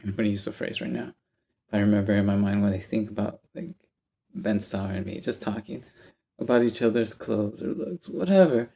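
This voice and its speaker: A man's voice: lowish voice, moderate pace, vocal fry, a little hiss or hum. A man telling a rambling story to camera in a casual vlog, often stopping to correct himself. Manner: rambling, animated, self-interrupting. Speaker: vlogger.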